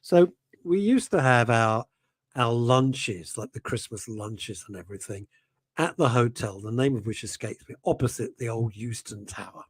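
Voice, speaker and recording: A man's voice: medium pitch, lively intonation, moderate pace, husky, dry recording, clean studio sound. A man hosting a radio show, chatting casually, teasing his co-host and telling stories. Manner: teasing, interrupting, anecdotal storyteller. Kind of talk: casual on-air banter.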